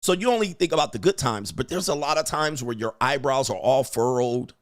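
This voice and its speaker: A man hosting a show, giving loud, crude, mocking commentary on video clips and laughing often. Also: medium pitch, expressive, brisk, dry recording, clean studio sound. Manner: brash and mocking, laughs often, mimics voices. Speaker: host.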